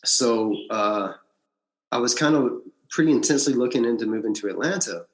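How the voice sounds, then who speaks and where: Man telling a story in an echoey room. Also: moderate pace. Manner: animated storyteller, frequent restarts and big pitch swings. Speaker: podcast guest. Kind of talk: casual storytelling interview.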